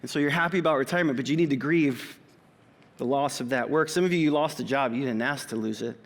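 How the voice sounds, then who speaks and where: A pastor in his forties delivers a conversational sermon in a church auditorium, dropping in personal asides. He talks fast in a mid-range voice, and the hall's long reverb trails after him.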